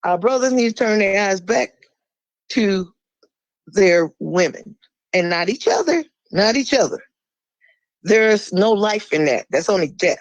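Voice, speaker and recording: A woman speaking as a guest in a podcast conversation, blunt and fiery. She swears freely and drops suddenly into a low, slow voice for emphasis. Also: animated, no room sound, low-quality recording.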